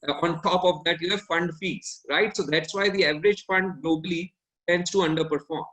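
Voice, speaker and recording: Man, fund manager on a panel, high voice, analytical, roomy echo. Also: fairly even intonation, fairly quick, bright, forceful tone. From India. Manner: analytical, self-correcting mid-sentence. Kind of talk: explanatory panel talk.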